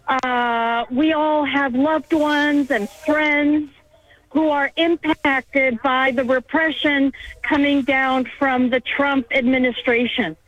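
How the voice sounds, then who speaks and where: High-pitched woman, out of breath, earnest and slow-spoken, over a dull, dry line. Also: fairly bright tone, no echo. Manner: earnest, emphatic. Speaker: activist guest. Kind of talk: phone-in interview while marching.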